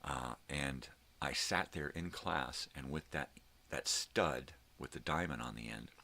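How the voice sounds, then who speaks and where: A middle-aged man with an extremely low, gravelly voice rants through his morning vlog. His tone is forceful and a little raspy, and his rambling talk is full of swearing. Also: measured pace. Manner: profane, rambling, ranting. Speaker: vlogger host. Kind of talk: casual morning rant.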